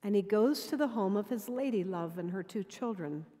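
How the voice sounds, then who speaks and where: A woman dean preaching a sermon in measured storytelling, sometimes dropping to quiet intimacy. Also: mid-range voice, expressive. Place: cathedral. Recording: long cathedral reverb.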